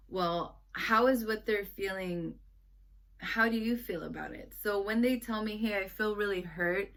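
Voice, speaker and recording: Earnest woman vlogger, slightly low voice. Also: fairly bright tone. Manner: earnest, rambling, with frequent restarts and quoted dialogue to her kids. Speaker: vlogger, mother. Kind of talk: casual reflective talk to camera.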